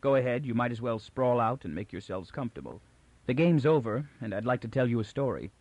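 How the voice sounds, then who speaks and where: A man voicing a calm, commanding male mutant mastermind in an audiobook, speaking in a measured, quietly menacing way. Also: medium pitch, no room sound, muffled recording. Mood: calm, brooding. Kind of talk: audiobook character reading.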